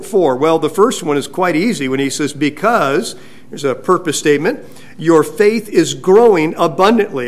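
Halting, conversational male pastor. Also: a little high. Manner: conversational, halting with many restarts. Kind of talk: sermon. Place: church sanctuary.

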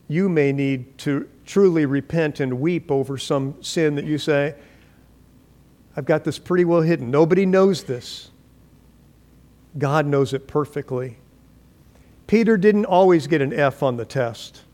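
A male pastor preaching to his congregation in church. His voice sits a little high for a man, and he tells his stories dramatically, putting on voices for the people he quotes. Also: darkish tone. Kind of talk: sermon.

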